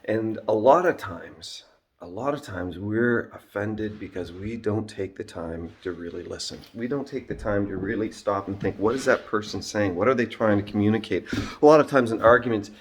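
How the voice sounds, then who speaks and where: A middle-aged man talks through a personal story and what he learned from it, pausing often with fillers and clearing his throat. His voice sits slightly low and unhurried. A faint background noise runs under the recording. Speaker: vlogger and job-site supervisor. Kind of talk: reflective storytelling monologue.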